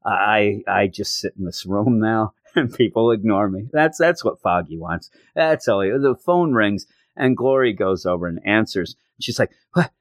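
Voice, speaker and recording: A middle-aged man hosting a comic book podcast, animated and gleeful, acting out the dialogue as he recaps it. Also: lowish voice, unhurried, no echo. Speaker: podcast host.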